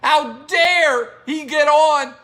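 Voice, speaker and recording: A man mocking a weepy, whining grown man, voice pushed way up into a high, bright register. He sobs and complains with theatrical self-pity. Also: extremely slow, heavily acted. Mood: mock crying. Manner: mock-sobbing, whiny, theatrical. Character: adult man weeping over a differing opinion.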